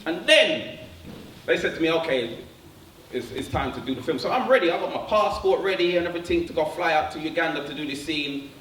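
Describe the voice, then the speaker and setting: A man telling a stand-up story, animated and slangy, laughing at his own jokes. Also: on the high side, fairly quick. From London. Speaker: stand-up comedian. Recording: echoey room, distant mic, faint noise.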